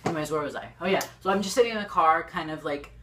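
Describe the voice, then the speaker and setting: A teenage girl telling a storytime vlog to her camera. She rambles excitedly and fills her talk with lots of "like". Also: sits low, rapid-fire, background noise. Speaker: YouTuber. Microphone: camera facing the speaker.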